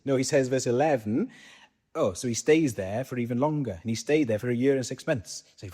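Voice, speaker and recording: A man's voice: mid-range voice, fairly quick, darkish tone, slightly rough. A man with a Welsh accent preaching a sermon in a conversational way, putting questions to the congregation and answering them himself.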